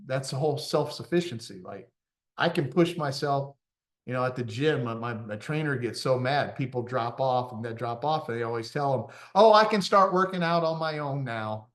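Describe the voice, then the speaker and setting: A middle-aged man, a confidence coach, giving a motivational talk with animated, self-deprecating stories and frequent laughs. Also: mid-range voice.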